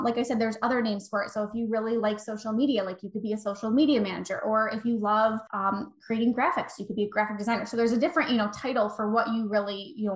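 A woman in her thirties, a guest coach giving chatty, encouraging advice and acting out little quoted exchanges. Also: on the high side. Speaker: guest, virtual assistant coach. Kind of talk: casual podcast interview. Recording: echoey room.

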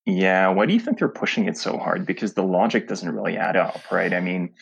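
A man calling in to a talk show, asking wry, conspiratorial questions in a casual way, with a gravelly voice. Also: low-pitched, a little fast, muffled recording, a little hiss or hum. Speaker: caller. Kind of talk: casual call-in chat.

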